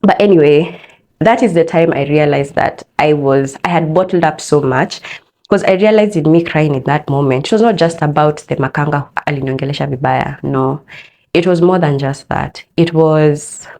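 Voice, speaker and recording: Speaking with a Kenyan accent, a young woman hosts a personal podcast and shares her own story in a candid, expressive way. She has a low voice and keeps a moderate pace.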